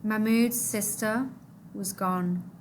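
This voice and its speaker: Slow, expressive woman reading a novel aloud. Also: slight background noise. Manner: expressive, dropping low and soft at sad moments.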